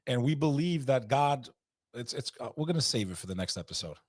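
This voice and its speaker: Husky, emphatic man talking earnestly. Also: medium pitch, lively intonation, a little fast, a little mellow, dry recording, clean studio sound. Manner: emphatic, peppers speech with "bro". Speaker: podcast guest. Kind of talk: intense, earnest conversation.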